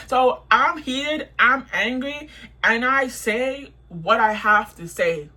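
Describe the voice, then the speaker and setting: A woman's voice: fairly high pitch, animated, slow, sharp tone. A young woman telling a storytime vlog, heated and profane, repeating herself as she vents. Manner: heated, profane, repetitive venting.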